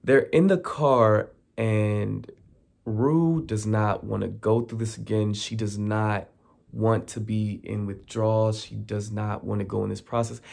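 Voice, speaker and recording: A man casually recapping a TV episode, lively and quick to mimic the characters' lines. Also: fairly low pitch, gravelly. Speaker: recap vlogger.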